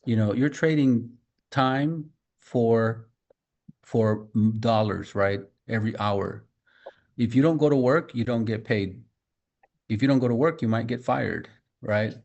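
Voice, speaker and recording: A man's voice: mid-range voice, measured pace, gravelly, darkish tone, dull audio. Emphatic man giving a business training talk. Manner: emphatic, repeats key points, addresses listeners directly.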